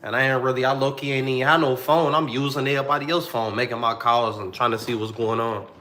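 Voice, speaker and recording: A man's voice: mid-range voice, fairly even intonation, fast talker, bright, forceful tone, roomy sound. A young man telling a personal story to the camera in a slangy, repetitive, heartfelt way.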